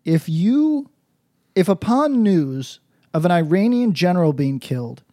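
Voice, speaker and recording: High-pitched and sing-song, a little slow, this man co-hosts a comedy podcast full of crude banter. His rants ramble and riff loosely, laced with constant profanity and sudden mock-patois shouting.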